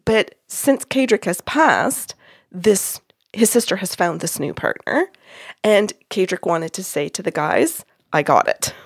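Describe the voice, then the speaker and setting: A woman hosting a podcast tells a story in a relaxed, lively way and voices what others said without changing her own sound. The recording is dry and close, with no room echo. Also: mid-range voice, measured pace, husky. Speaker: podcast host and medium. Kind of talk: casual storytelling.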